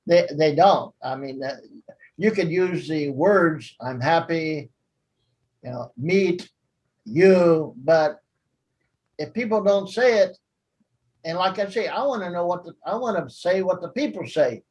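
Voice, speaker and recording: Middle-aged American man, higher voice, chatty class host, jokey and rambling. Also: lively intonation, a little slow, a little mellow, poor audio. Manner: chatty, jokey, laughs at his own asides. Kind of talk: casual teaching chat.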